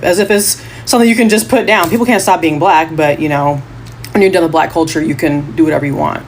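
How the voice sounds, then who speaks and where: A woman's voice: sits low, a little fast, a little hiss or hum. Reflective woman chatting to camera. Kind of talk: casual storytelling to camera.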